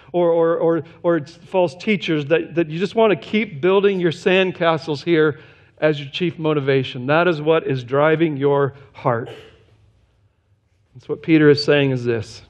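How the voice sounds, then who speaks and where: An earnest male pastor preaching a sermon in a fairly high voice. He often drops low and hushed to press a point home. The recording is a little dull and lo-fi. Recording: slightly dull, lo-fi church recording.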